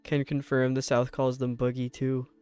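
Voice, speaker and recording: Smooth-voiced chatty streamer guy. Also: medium pitch, completely flat delivery, darkish tone, soft background music. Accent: light New York. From upstate New York. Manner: rambling, chatty, quick laughs. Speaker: game streamer. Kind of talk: casual chat with viewers while gaming.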